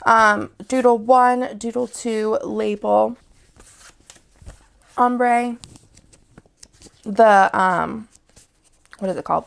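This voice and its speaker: A woman with a sore throat and a sick voice walks through her shop's new releases, rambling and leaning on fillers. Her voice carries a gravelly, fried texture at an ordinary middle pitch. She sounds like a casual product showcase vlog. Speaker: shop owner showing new products.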